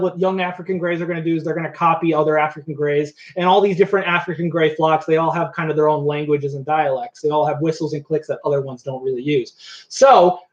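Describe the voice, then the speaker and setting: Young male animal educator, high voice, casual and chatty, echoey home room, slightly muffled. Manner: chatty, coos at his pets. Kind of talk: live-streamed animal show.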